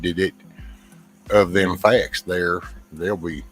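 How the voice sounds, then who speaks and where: A man's voice: low voice, fairly even intonation, slow, a bit bright, faint music behind. A man with a Texan accent chatting casually as host, rambling and clipping his words short. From Texas, USA. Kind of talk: casual chat.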